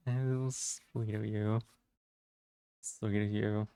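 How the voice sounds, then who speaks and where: A man's voice: lowish voice, flat delivery, very slow, creaky, mellow, smooth. A man chatting casually on a live stream, rambling with lots of fillers and restarts.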